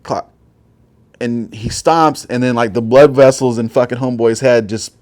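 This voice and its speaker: A man in his forties, a military veteran telling his stories casually as an interview guest, profane and rambling with lots of filler words. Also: medium pitch. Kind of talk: casual war storytelling.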